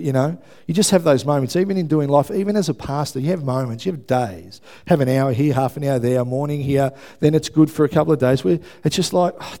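A man, a pastor preaching a sermon to a congregation, emphatic and often checking in with listeners. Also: fairly high pitch. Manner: emphatic, building to loud preaching, asks the congregation for responses. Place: church before a congregation.

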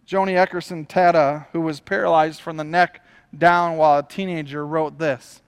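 A man's voice: fairly high pitch, steady tone, normal speed, clean tone, in a large hall. A man preaching a sermon as pastor, emphatic and often repeating his phrases.

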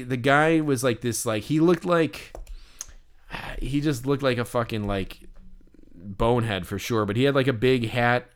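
Guy on a podcast, smooth clear voice, middle pitch, rambles w lots of ums. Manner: rambling, lots of fillers and restarts; animated when telling stories. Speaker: podcast co-host. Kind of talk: casual chat and storytelling.

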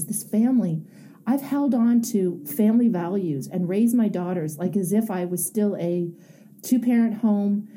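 Frank woman with a very dark, mellow voice. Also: medium pitch. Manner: frank, emphatic, earthy. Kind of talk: candid personal storytelling.

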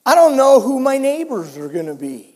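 An older man preaching in a church, his voice high for a man and carried by a long reverb off the walls. He tells stories and swings between soft, intimate lines and loud, ringing ones. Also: sing-song, normal speed. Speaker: pastor. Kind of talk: sermon. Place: church sanctuary.

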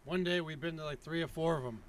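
A man's voice: on the high side, fast talker, noisy background. A man chiming in with jokey asides on a casual podcast. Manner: jokey interjections, quiet asides away from the mic. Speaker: podcast co-host. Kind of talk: casual chat.

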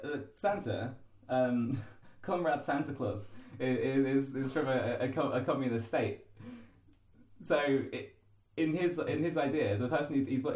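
A man's voice: medium pitch, darkish tone. A man co-hosting a podcast in casual chat, hesitant and playful, full of ums and restarts. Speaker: podcast co-host. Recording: echoey room.

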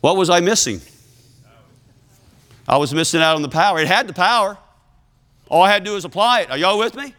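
A man preaching a sermon, telling a folksy story, moving between low calm talk and loud, excited high passages. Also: brisk, long pauses. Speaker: pastor.

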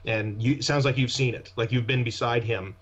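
Male actor guest in a casual interview, mid-pitched and meandering, with a dull lo-fi recording. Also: fairly even intonation, fairly quick, fairly bright tone, husky. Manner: rambling, trailing off and restarting mid-thought. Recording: dull lo-fi sound.

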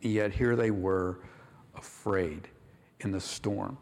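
This man preaches in a sanctuary with long reverb, voicing the quoted lines and rising in volume for emphasis. His voice sits on the low side and is darkish, fairly even in intonation, and slow.

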